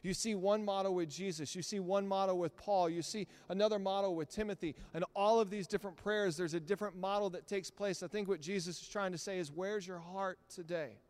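A man's voice: high-pitched, fairly even intonation, quick pace, hardly any pauses. Man preaching with rising fervor. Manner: dynamic preaching, swinging between hushed storytelling and loud emphatic peaks. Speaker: pastor. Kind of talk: sermon. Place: church sanctuary.

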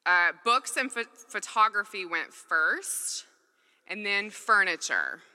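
A woman's voice: mid-range voice, expressive, takes it slowly, bright, forceful tone, in a large hall. A woman from Mississippi preaching a sermon, earnest and conversational as she tells a personal story and acts out the voices in it.

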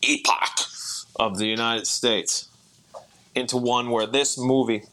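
A podcast co-host chats casually and eagerly, his bright, forceful mid-range voice rushing through points in quick bursts with fairly even intonation. He laughs easily, and there's a little hiss or hum in the recording.

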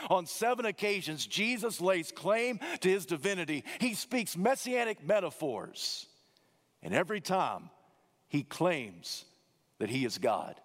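A man preaching a sermon, emphatic and dramatic, swinging his pitch and slowing down on key words. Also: animated. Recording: long hall reverb.

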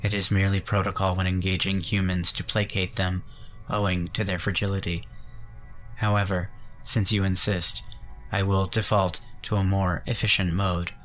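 Man playing a synthetic guide, flat monotone, formal and clipped, very low, soft music behind. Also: normal speed. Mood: detached. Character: monotone synthetic orb guide, sexless, cold.

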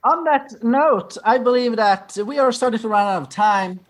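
A woman co-hosting a chat show, speaking calmly and wrapping things up. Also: fairly high pitch, moderate pace. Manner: calm, wraps up the show. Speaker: co-host. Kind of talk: casual chat.

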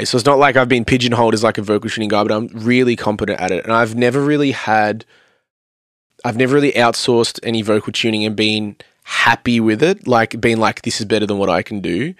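A man with a lowish, slightly bright voice, recorded dry, chats casually as a podcast guest. He's a vocalist and producer who rambles through studio stories, saying "like" constantly and acting out quotes.

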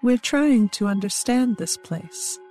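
A woman's voice: on the high side, expressive, dark tone, soft background music. A woman playing a tabletop game, talking to the game master and speaking formally in character. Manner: shifts into formal, measured in-character speech. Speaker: player. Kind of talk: tabletop role-play.

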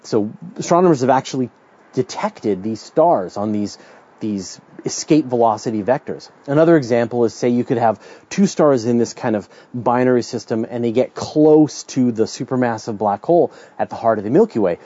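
A man's voice: medium pitch, expressive, normal speed, mellow, muffled recording. A middle-aged Canadian man hosting a question-and-answer podcast, explaining science in a casual, chatty way with restarts and asides. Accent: Canadian English.

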